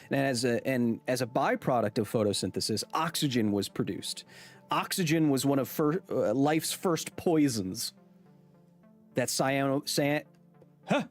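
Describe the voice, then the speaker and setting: A man hosting a science livestream, chatting casually and joking with his viewers. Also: medium pitch. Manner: jokey, talks to chat, quick asides.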